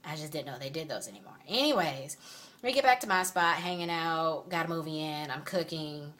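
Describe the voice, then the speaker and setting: A woman's voice: sits low, animated, fairly quick, a bit bright. Sassy woman telling a story to camera. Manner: sassy, emphatic, indignant storytelling. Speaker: vlogger. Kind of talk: casual storytelling vlog. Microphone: phone camera.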